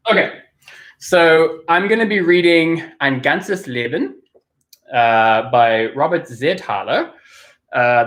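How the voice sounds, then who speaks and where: A man from the UK chats through a relaxed live Q&A with his viewers. He talks in a mid-pitched voice, loose and conversational. He often stops to hesitate and fill gaps before going on. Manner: chatty, hesitant, with many pauses and fillers. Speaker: livestream host answering questions. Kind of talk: casual live Q&A chat.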